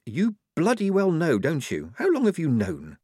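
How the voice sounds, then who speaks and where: A man's voice: on the high side, wildly swooping pitch, normal speed, dark tone, breathy edge, dry recording, clean studio sound, voice pushed up, full character voice. A man voicing an eager, naive, upper-class young male lieutenant, in a raised, chirpy voice. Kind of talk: audiobook character voice.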